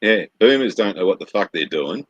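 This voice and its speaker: Deep-voiced sweary man. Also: lively intonation, fairly quick, fairly bright tone, slightly rough, no echo. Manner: sweary, blunt, mocking. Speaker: podcast co-host. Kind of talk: casual crude chat. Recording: dull lo-fi dry mic.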